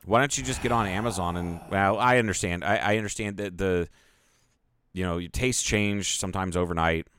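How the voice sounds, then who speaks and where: A man's voice: low-pitched, brisk, fairly bright tone, slight background noise. A man co-hosting a podcast, tossing in dry, teasing replies with some swearing. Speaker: podcast co-host. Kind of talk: casual chat.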